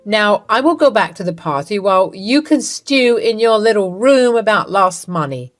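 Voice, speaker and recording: A woman's voice: medium pitch, expressive, moderate pace, lightly acted. A woman voicing a scheming older mother-in-law in a narrated story, indignant and pushy. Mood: defiant.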